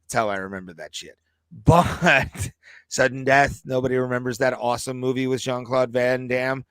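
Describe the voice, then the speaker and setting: A man with a bright, smooth, resonant voice tells an animated, cursing story on a podcast. The sound is dry and close on the mic, with no room around it. He talks like a co-host chatting with a friend. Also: mid-range voice, normal speed, no echo. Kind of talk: casual podcast chat, storytelling.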